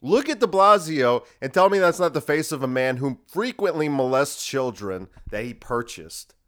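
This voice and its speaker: A man's voice: on the high side, lively intonation, moderate pace, a bit bright. Man ranting on a solo podcast. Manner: ranting, profane, sarcastic. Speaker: podcast host.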